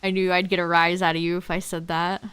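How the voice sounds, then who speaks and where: A woman's voice: lowish voice, level tone, fast talker, fairly bright tone, clean tone. A young woman streaming a game, chatting playfully and giggling often. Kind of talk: casual chat while streaming a game.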